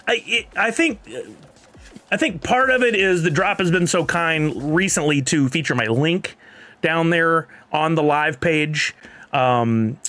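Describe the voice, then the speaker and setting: A man's voice: fairly high pitch, a little slow, bright, forceful tone. A man with a Texan accent chatting casually on a live stream, rambling and laughing often while reading chat.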